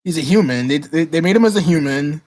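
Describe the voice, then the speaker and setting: Excitable male livestreamer who stumbles over his words. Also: fairly high pitch, fast talker. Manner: excitable, repeats words and restarts often. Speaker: livestream host. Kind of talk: casual livestream Q&A, reading chat questions aloud.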